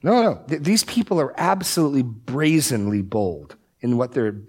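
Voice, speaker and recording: A man teaching through a Bible passage in a casual discussion, with animated, sarcastic asides. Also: medium pitch, moderate pace, husky.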